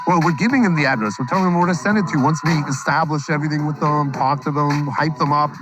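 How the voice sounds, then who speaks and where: Casting: middle-aged man, raised pitch, loose swearing anecdote teller, music bed under him. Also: fast talker, poor audio. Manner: profane, loose, animated retelling with acted quotes. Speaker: storyteller recounting his own past. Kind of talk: casual anecdote.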